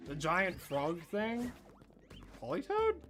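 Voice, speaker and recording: Lively, bright-voiced male streamer. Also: high voice, slow, soft background music. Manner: animated storytelling, bursts of laughter. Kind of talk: casual livestream chat.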